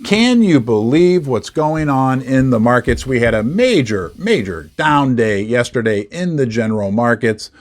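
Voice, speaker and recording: Animated middle-aged male market host. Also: mid-range voice, measured pace, hardly any pauses. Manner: animated, emphatic, repeats words for stress. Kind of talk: casual market commentary.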